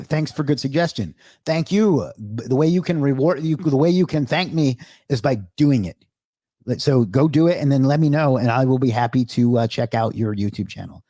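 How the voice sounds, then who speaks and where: An upbeat man runs a livestream Q&A, reading out viewer comments and greeting each person by name. His voice sits on the high side, and he sounds a little out of breath. The recording is dry and close, with no room sound. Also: a little mellow, no room sound. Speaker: livestream host answering chat. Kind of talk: livestream Q&A, reading chat aloud.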